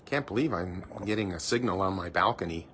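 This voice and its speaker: A man's voice: low-pitched, animated, brisk, fairly bright tone, slight background noise. A man live streaming from his cruise ship balcony on a handheld phone, chatting playfully and teasing himself while he narrates what he sees. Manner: chatty, playful, self-mocking banter.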